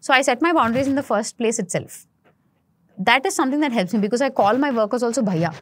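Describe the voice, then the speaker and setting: Fast-talking woman, frank and explanatory. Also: on the high side, animated, husky. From India. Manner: frank, explanatory, many "uh" and "you know" fillers. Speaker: interior designer and architect guest. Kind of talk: podcast interview, mixing Telugu and English.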